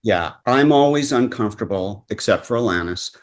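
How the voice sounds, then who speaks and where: A man's voice: lowish voice, lively intonation, moderate pace. A man co-hosting a casual chat about musicals, frank and self-deprecating, often restarting his words. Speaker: podcast co-host.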